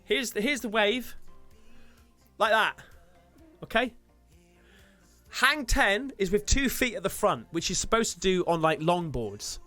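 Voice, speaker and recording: A man streamer telling a story to his viewers in an excitable way, swearing freely and talking straight to the audience. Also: sits high, measured pace, long pauses, no room sound, soft background music. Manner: excitable, swears a lot, addresses viewers directly. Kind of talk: animated storytelling to a live stream.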